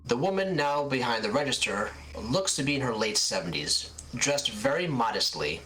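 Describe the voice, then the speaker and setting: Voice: mid-range voice, sing-song, moderate pace, a bit bright, a little hiss or hum. Game master narrating a tabletop scene. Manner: descriptive, with restarts.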